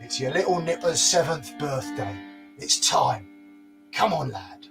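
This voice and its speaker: A storyteller man voicing a huge, menacing, child-eating male giant who booms his threats. Faint instrumental music plays underneath. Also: expressive, measured pace, far from the mic. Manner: booming, gleeful, threatening.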